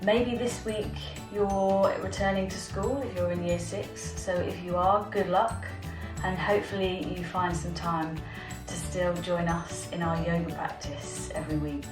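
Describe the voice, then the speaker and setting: A woman's voice: lowish voice, steady tone, measured pace, echoey room, far from the mic, music in the background. A woman teaching an online yoga lesson for children, encouraging them step by step.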